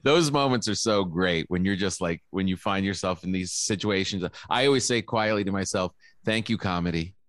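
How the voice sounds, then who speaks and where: A man's voice: deep voice, brisk, few pauses, fairly bright tone, no room sound, studio quality. A man, a comedian guest, telling loose stories in casual podcast chat, laughing often and saying "like" a lot.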